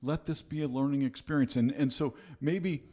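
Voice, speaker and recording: An older man, a podcast guest, talking reflectively and haltingly, often repeating words as he starts a sentence. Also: mid-range voice, fairly even intonation, warm tone. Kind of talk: reflective conversational talk.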